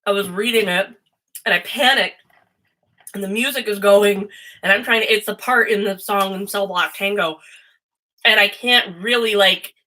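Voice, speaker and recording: A woman's voice: medium pitch, moderate pace, sharp tone, rough recording. A woman hosting a casual livestream and reading tarot, rambling and chatty and swearing freely. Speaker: host and tarot reader.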